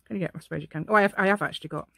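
A woman's voice: medium pitch, racing, gravelly, a bit bright, dry recording. Lady chatting away while she crafts at home, asks you stuff, medium voice, dry room. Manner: chatty, thinks aloud, asks the viewer questions. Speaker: craft channel host. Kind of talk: casual crafting tutorial.

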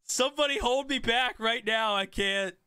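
A young man streaming an online strategy game, reacting excitedly to chat and laughing at other players. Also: very high-pitched, normal speed, smooth. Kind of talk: live game stream commentary.

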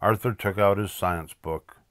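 An older man reading a children's picture book aloud in a lively, expressive way. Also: fairly low pitch, measured pace, no room sound, clean studio sound. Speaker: storyteller.

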